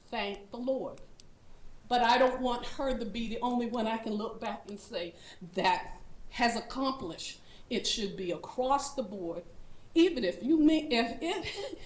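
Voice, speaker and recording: An older woman speaking earnestly and unscripted during public comment at a school board meeting, with a laugh now and then. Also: high voice. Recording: echoey meeting room.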